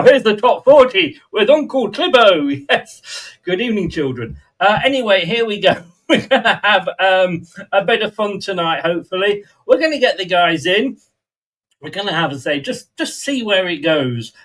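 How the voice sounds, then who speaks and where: A man's voice: sits high, fairly bright tone, poor audio. A man hosting a fan channel talk show, joking and rambling with frequent laughs. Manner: jokey, rambling, laughs often. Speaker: podcast host. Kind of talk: casual chat.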